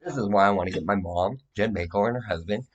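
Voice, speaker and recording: A man's voice: fairly low pitch, quick pace, lo-fi sound. A man giving a rambling, profane, agitated monologue that jumps from claim to claim.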